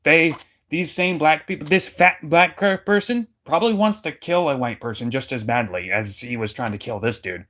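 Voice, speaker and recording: A man's voice: on the high side, moderate pace, a bit bright. Emphatic man in casual chat. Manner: emphatic, repeats points for effect.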